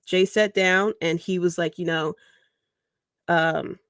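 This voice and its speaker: A woman's voice: fairly low pitch, takes it slowly, no room sound, studio quality. Rambling, chuckling woman host. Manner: rambling, animated, chuckles mid-sentence. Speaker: podcast host. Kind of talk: casual livestream commentary.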